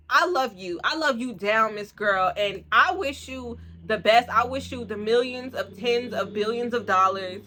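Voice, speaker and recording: A bright, fairly high-voiced young woman gushes about a book she loves. She rambles in a loose, excitable way, full of fillers and slang, like a casual chat with her viewers. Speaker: book reviewer. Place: room at home, street outside.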